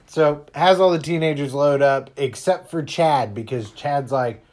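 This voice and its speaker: A man's voice: fairly high pitch, a little slow, few pauses, darkish tone. A man casually helping recap a movie, adding details, chuckling, and giving short agreements. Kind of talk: casual chat.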